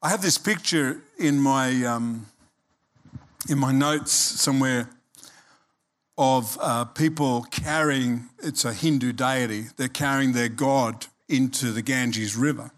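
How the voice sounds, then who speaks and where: A man's voice: mid-range voice, slow. A man in his sixties preaching a sermon as pastor, talking conversationally, checking in with the congregation and slipping in humorous asides.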